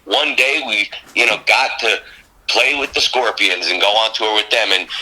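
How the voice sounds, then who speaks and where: A man from New Jersey, a band's drummer, telling stories in a casual interview, acting out quotes with big jumps in pitch. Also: normal speed, bright, forceful tone, poor audio. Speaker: band drummer, guest.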